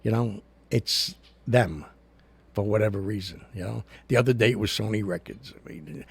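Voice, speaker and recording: Hosting a casual livestream, this man rambles and chats with his viewers, sometimes breaking into rants. His lowish voice is creaky and husky, at a normal speed, captured dry on a studio recorder mic.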